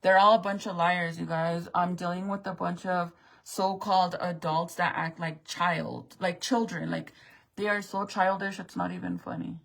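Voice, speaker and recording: Gravelly, heated woman ranting to camera. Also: on the low side, level tone, normal speed, low-quality recording. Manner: profane, exasperated, heated. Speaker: vlogger. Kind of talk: angry rant to camera.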